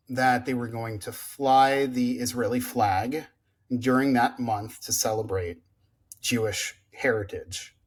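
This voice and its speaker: A man co-hosting a podcast in casual chat, rambling with many fillers as he sets up a topic. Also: mid-range voice. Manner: rambling, filler-heavy storytelling. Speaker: podcast co-host.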